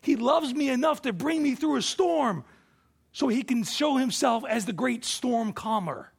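A male pastor preaching a sermon, moving between hushed reflection and forceful declarations. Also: very high-pitched, animated, measured pace, gravelly, husky.

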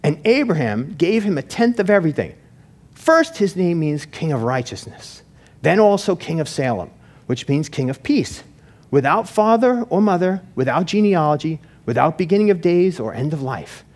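Man, pastor, church sermon, chatty with restarts, animated pitch. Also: moderate pace. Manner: conversational preaching with restarts and asides.

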